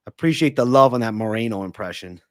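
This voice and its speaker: A man's voice: on the low side, expressive, fast, dry recording, clean studio sound. A young man hosting a live stream, reading chat and breaking down fights in brash, profane banter. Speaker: livestream host and fight analyst.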